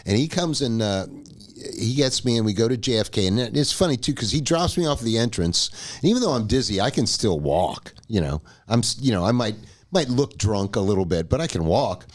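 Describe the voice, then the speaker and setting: Animated man telling a story. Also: on the low side, brisk. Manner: animated, profane, laughs mid-story. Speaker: podcast co-host. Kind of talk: casual storytelling chat.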